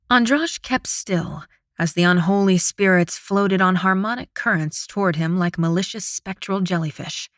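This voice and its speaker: A woman narrating an audiobook with a steady, dramatic reading, close to the microphone. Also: lowish voice, moderate pace, no echo. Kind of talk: scripted narration.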